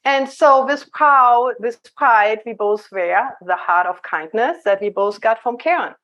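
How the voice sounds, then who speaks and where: A woman from Germany with a German accent, a leadership coach explaining things in a measured way as a podcast guest. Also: on the high side, fairly bright tone, lo-fi sound. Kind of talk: conversational interview.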